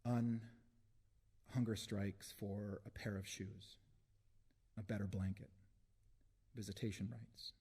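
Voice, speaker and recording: Slow, deep-voiced man reading poetry. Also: little pitch movement, warm tone, breathy edge. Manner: slow, deliberate delivery with long pauses. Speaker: poet reading his work. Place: book launch reading before an audience.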